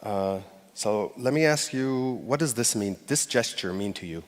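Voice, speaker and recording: A man's voice: medium pitch, lively intonation, a little slow. Man giving a talk in a reverberant hall. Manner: conversational, addresses the audience directly. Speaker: speaker giving a public talk. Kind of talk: conference talk. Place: stage before a live audience.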